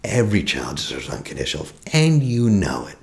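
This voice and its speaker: A man in his forties, an attachment healing practitioner, giving a reflective teaching talk, asking questions and often dropping to a soft whisper. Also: sits low, wildly swooping pitch, brisk, gravelly. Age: 40s.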